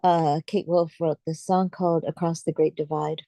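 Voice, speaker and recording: A woman's voice: deep voice, flat delivery, normal speed, few pauses, mellow, no room sound. A woman musician on a radio show, chatting in a friendly way as she introduces her songs. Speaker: guest musician. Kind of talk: casual radio chat between songs.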